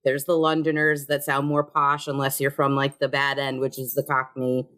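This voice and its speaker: A woman's voice: a bass voice, monotone, moderate pace, a bit bright. A woman from the United States co-hosting a podcast, rambling in casual chat with swearing and frequent laughter. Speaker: podcast co-host.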